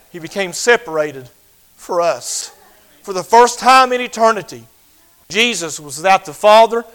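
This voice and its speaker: Older man, preaching, high voice, loud then hushed. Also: clean tone, poor audio. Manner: swings from loud fervent preaching to hushed near-whispers. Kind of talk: sermon.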